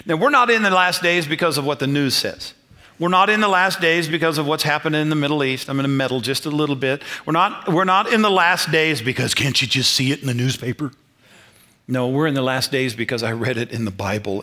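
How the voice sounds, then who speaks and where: A man preaching a sermon as pastor in a church, animated, swinging between loud and quiet, with frequent chuckles. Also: mid-range voice.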